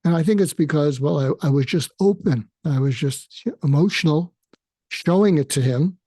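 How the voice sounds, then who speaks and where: Guy hosting his own show, thinking out loud, lots of uhs and restarts, low mellow tone, dry close sound. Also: dry recording. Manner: halting, with frequent fillers and restarts. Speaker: podcast host and therapist. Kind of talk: reflective spoken monologue.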